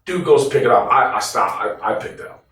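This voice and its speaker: He has a medium-pitched voice and talks quickly, telling an interview story with plenty of swearing and impressions of what people said. Once part of the team, he's blunt and animated; the room echoes and he sits well back from the microphone.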